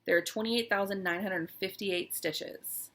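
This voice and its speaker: A woman's voice: mid-range voice, fairly even intonation, measured pace, a bit bright. A woman chatting casually as she shows her stitching projects, fond and a little wistful, with frequent "um"s. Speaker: cross-stitch vlogger. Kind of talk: casual show-and-tell chat.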